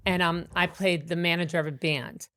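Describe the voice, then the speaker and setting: Lively storytelling woman with a low voice. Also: normal speed, a little hiss or hum. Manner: animated anecdotes with many fillers and restarts. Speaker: comedian guest. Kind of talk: storytelling in a podcast interview.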